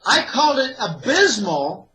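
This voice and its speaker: High, bright-voiced man warning emphatically. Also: sing-song, a little slow, poor audio. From Greater Pittsburgh, USA. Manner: emphatic, warning, repetitive "I think" phrasing. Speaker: interview guest, economic analyst. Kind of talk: opinionated interview talk.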